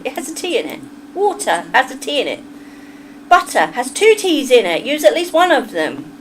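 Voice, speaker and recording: A middle-aged woman with a Kentish accent chats to her livestream audience in a slow, unhurried way. Her voice sits a little high, and her manner is forthright and talkative. A faint hiss of noise runs underneath. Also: big pitch swings, low-quality recording. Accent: Kentish English. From England. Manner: chatty, opinionated, talks straight to chat. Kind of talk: casual livestream chat with viewers.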